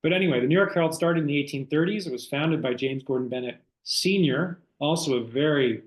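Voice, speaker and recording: A man's voice: fairly high pitch, a little fast, roomy sound, poor audio. A man, an author, giving a conversational online book talk, telling history as a story with frequent fillers.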